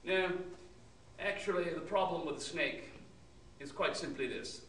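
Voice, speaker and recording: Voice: medium pitch, measured pace, a bit bright, slight background noise, lightly acted. A storyteller doing a pompous know-it-all. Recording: roomy, distant mic.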